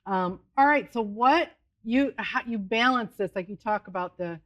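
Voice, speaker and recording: A woman hosting a TV interview, prompting her guest with gentle questions. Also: medium pitch, normal speed. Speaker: TV show host.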